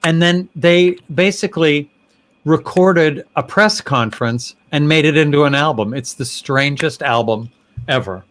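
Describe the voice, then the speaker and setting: A man's voice: a little high, a bit bright, slight background noise. A man hosting a casual video-call chat, chatty and laughing easily, drawing out his words. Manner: chatty, laughing, slow and drawn out. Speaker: host.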